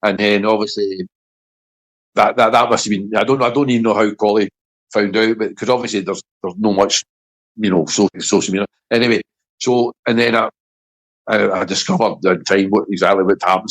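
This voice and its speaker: A middle-aged Scottish man with a somewhat low voice talks in relaxed interview chat. He stumbles and repeats his words, and he sounds moved as he recalls the past. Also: rough recording. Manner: halting, repeats words, emotional. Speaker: former footballer, podcast guest.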